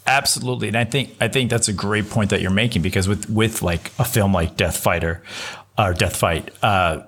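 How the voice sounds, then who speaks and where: A man co-hosting a podcast, talking through his points in a measured, agreeable way and often repeating words as he finds them. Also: fairly low pitch, fairly bright tone, husky. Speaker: podcast co-host. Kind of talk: casual film chat.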